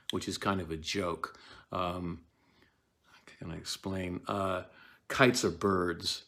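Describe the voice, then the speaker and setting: A man giving a casual, animated lecture on a play, often acting out its lines. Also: low voice, slow, long pauses. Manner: conversational, animated, acts out lines.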